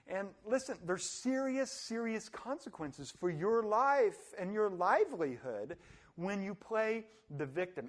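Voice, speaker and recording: Brief: high-pitched male motivational speaker, lively, laughs through his points. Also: a little slow. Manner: animated, laughs often, acts out voices. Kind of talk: motivational talk.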